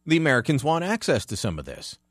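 A man's voice: mid-range voice, huge pitch swings, fast talker, dry recording, clean studio sound. A Canadian man hosting a talk radio show, delivering opinionated commentary with emphatic, sarcastic energy.

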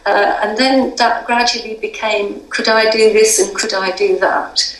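A woman's voice: medium pitch, fairly even intonation, unhurried, reverberant, distant mic, rough recording. An older English woman in an interview, talking in a chatty, wry way with many ums and restarts. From England. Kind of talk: conversational interview.

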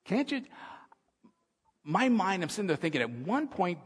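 A man's voice: high voice, big pitch swings, moderate pace, husky. Man preaching in an echoing hall. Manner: swings from soft musing to loud urgent preaching. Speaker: pastor. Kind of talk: sermon. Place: church hall. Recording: long hall reverb.

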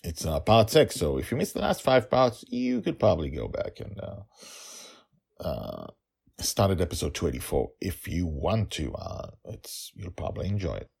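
A male podcast host chatting excitedly and then narrating a fantasy story, often repeating words for emphasis. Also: low voice, normal speed, creaky, breathy edge.

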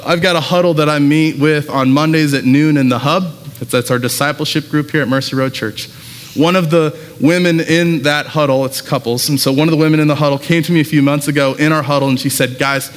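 Pastor guy preaching loose and chatty, kinda high voice, big hall echo. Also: fairly even intonation, brisk. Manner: casual, conversational storytelling with many fillers. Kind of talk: sermon. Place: church sanctuary. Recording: long hall reverb.

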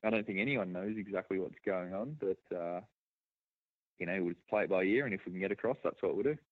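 A man's voice: deep voice, fast, dry recording. A man from Australia with a Western Australian accent, a guest chatting easily over a remote call. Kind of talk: casual remote interview. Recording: tinny phone-like line.

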